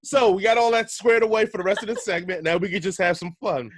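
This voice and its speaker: A man's voice: high voice, fast. A man hosting a casual podcast, chatty and laid-back, laughing easily between points. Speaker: podcast host.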